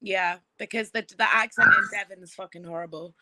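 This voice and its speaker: A woman from England with a London accent chatting casually, relaxed and quick to laugh. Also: mid-range voice, dry recording, rough recording. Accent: London English. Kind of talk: casual chat.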